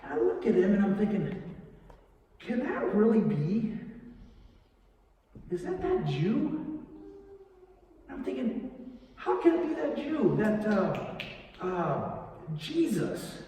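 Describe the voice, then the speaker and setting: A man acting a troubled Roman soldier who builds crosses, telling his story in a rambling, halting way in a church monologue. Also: high-pitched, slight background noise. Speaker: actor in a church Easter monologue. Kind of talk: dramatic monologue. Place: church sanctuary. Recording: echoey church hall, mic far off.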